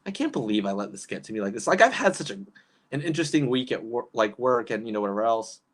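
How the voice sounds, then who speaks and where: A woman's voice: a bass voice, expressive, fast. A woman doing casual livestream commentary, reading chat and ranting in an exasperated way with frequent laughs.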